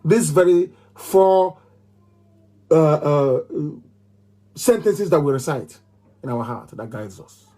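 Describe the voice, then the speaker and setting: A man's voice: a little high, animated, takes it slowly, pauses often, dark tone. A middle-aged man with a Nigerian accent giving a fiery live radio address, emphatic and repeating phrases like a chant. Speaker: movement leader on radio.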